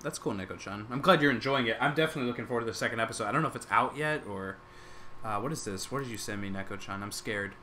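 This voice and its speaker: A man's voice: lowish voice, rapid-fire, sharp tone, a little hiss or hum. A young man streaming live, rambling casually as he reacts to his chat and to videos, with lots of "like" and restarts.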